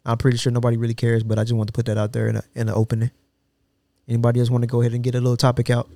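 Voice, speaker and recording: A man's voice: mid-range voice, racing, gravelly, no echo. Brief: male podcast co-host, playful, slangy banter, dry close-mic sound. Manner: joking, animated, slangy. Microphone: studio podcast mic.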